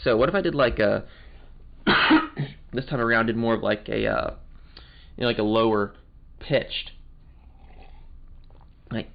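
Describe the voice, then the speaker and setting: On the low side and creaky, the man speaks at normal speed but pauses often while he plays and voices a game with loose, joking chatter. This casual let's play commentary comes through muffled over game music.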